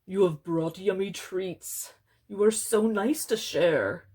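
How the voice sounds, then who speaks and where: A woman voicing a lonely, gentle male bear in a storybook read-aloud, speaking humbly and a little sadly. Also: mid-range voice, slow, slightly rough. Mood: wistful.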